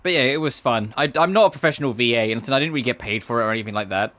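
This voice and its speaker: A man's voice: mid-range voice, very fast, a bit bright. A man in his twenties from Britain with a faint British accent, rambling and swearing as a streamer in casual chat. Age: 20s.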